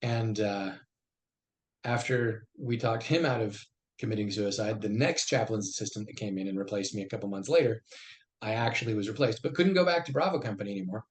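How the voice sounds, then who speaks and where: A middle-aged man, an army veteran guest, telling stories and acting out the dialogue in lively bursts. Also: on the low side, fairly quick. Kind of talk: conversational storytelling.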